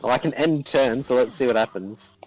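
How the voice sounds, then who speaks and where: A man's voice: mid-range voice, brisk, low-quality recording. A man co-hosting a casual gaming podcast, dry and hesitant, often stammering. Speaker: podcast co-host.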